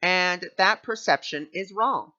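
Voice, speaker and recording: A man's voice: high voice, slow pace, pushed and bright. A man hosting a casual spiritual talk and telling a personal story in a chatty way, full of fillers. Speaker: spiritual teacher and host. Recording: dull lo-fi recording.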